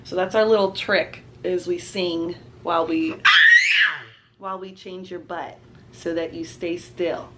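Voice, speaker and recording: Young woman, casual vlogger, lowish voice, light hiss behind. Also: steady tone, measured pace. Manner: chatty, says "y'all", laughs often. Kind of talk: casual chat to camera.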